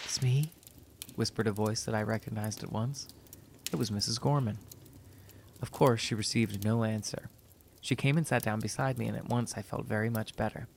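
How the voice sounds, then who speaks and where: A man narrating a story in a measured, even reading voice. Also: on the low side, gravelly, a little hiss or hum.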